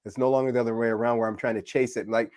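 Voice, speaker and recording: A man from California telling a story in a casual live discussion, animated and acting out voices. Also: medium pitch, rapid-fire. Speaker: co-host.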